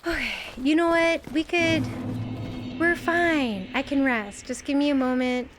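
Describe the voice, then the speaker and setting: A woman streaming a game live, panicking with rapid repeated no's and greeting her viewers by name. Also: sits high. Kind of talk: live gameplay commentary. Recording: loud music behind the voice.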